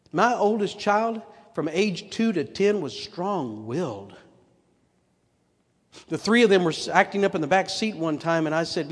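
Older man, sermon, earnest, rhetorical questions, a bit high-pitched, long hall reverb. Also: sing-song, moderate pace, long pauses. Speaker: preacher.

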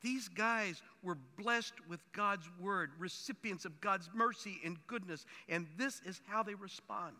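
A male pastor delivers a sermon with emphatic, building force. His voice sits high and sounds sharp and very bright. A long reverb trails behind him, as in a large hall. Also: measured pace, few pauses.

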